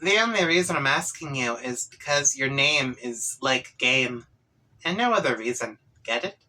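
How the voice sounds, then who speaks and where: A man's voice: medium pitch, expressive, normal speed, bright, forceful tone, low-quality recording. A man voicing a sarcastic young male troll who talks in a snarky, exasperated way.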